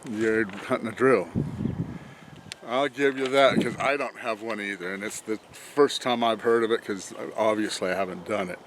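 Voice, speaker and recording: A man with a low, relaxed voice rambles through a casual vlog outdoors, chuckling and talking half to himself as he looks over his truck. Faint outdoor noise sits behind him on a simple camera mic. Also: fairly quick, hardly any pauses. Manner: rambling, chuckling, talks to himself while working. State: out of breath from bending over. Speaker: vlogger reviewing a truck job.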